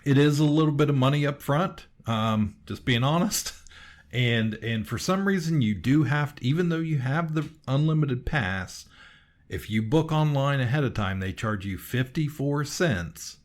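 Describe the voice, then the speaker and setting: A man's voice: medium pitch, lively intonation, moderate pace. A man co-hosting a podcast, telling a long, rambling story in casual chat, full of fillers and restarts. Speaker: podcast co-host.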